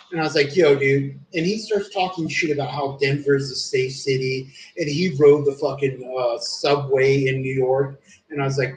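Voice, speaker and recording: A man in casual storytelling chat, crude and rambling, leaning on "dude" and constant swearing. His voice sits at an everyday pitch. It is heard from a little way off the mic in an echoey room with faint background noise. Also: steady tone, moderate pace. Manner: profane, rambling, says "dude" often. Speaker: streamer. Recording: roomy, distant from the mic.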